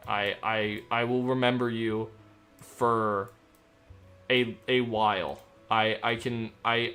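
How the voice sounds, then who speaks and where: A man's voice: medium pitch, a bit bright. A young man streaming, chatting casually while he plays, joking and rambling as he reads chat aloud.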